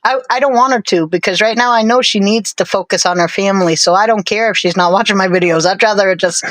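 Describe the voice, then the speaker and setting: Woman, live stream co-host, casual chat, rambling, hesitant, middle pitch, dry sound. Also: fast, a bit bright, no room sound, low-quality recording. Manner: chatty, rambling, self-deprecating humor.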